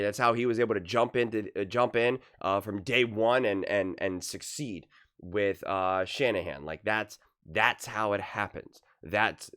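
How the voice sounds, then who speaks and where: Male sports talker, casual opinion rant, stumbling restarts. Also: medium pitch. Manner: rambling, repeats words, animated. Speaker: sports commentator.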